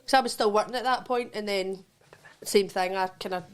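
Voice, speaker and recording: A woman's voice: medium pitch, brisk. A woman, a guest actress, in easygoing casual chat, laughing readily.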